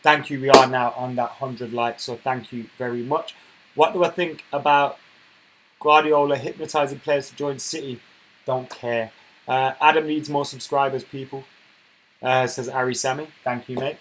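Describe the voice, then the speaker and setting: A man hosting a casual football live stream, chatting and reading viewer comments aloud, getting loud and worked up when he rants. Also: mid-range voice, fairly even intonation, moderate pace, low-quality recording. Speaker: football channel host reading live chat.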